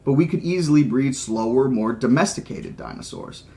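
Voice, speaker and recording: A man's voice: medium pitch, lively intonation, normal speed, warm tone, lightly acted. A man reading the lines of an earnest young male geneticist who explains and persuades.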